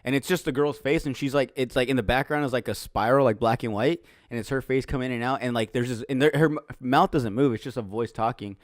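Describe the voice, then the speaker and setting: A man's voice: medium pitch, fast, few pauses, no room sound, clean studio sound. Rambling, swearing male podcast co-host. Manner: rambling, swears a lot, many fillers. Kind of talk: casual chat.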